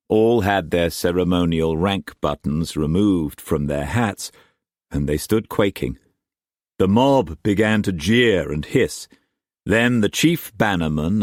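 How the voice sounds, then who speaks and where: Man narrating an audiobook, very deep voice, lively intonation, slow, measured, dramatic. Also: no room sound, clean studio sound. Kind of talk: scripted novel narration.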